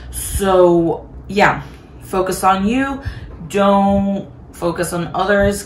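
Laughing often, a tarot reader chats in a bubbly, casual way as she gives a reading; her voice sits in the mid range with vocal fry. Faint noise can be heard in the echoey room.

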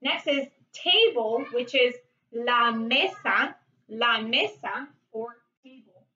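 A woman's voice: fairly high pitch, animated, bright, forceful tone, far from the mic. Woman, teacher, vocabulary lesson, careful pronunciation, echoey dull recording. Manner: slow, careful pronunciation of each word. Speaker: Spanish teacher. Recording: dull, roomy sound from off-mic.

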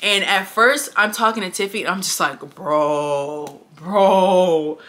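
A woman's voice: mid-range voice, fast talker, bright, forceful tone. A young woman telling a story to camera while getting ready, blunt, emphatic and full of swearing. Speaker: vlogger.

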